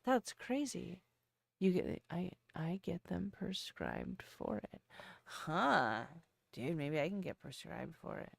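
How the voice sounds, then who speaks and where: A woman co-hosting a lifting show, reading viewer comments aloud in a slow, halting way with many ums, and suffering from hiccups. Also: fairly low pitch, animated, vocal fry, no room sound. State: has hiccups. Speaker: co-host reading viewer chat. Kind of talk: casual chat, reading comments.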